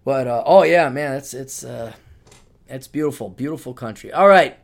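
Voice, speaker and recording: A man's voice: mid-range voice, normal speed, creaky. A middle-aged man hosting a podcast, telling travel stories in a loose, rambling way and laughing as he goes. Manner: rambling, animated storytelling with laughter. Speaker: podcast host. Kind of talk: casual monologue.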